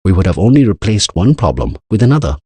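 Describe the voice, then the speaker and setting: A man's voice: lowish voice, big pitch swings, fast talker, darkish tone, breathy edge, no room sound, pitched above the performer's own voice. A man voicing an anxious older male scientist who explains at length in an earnest way. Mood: grave.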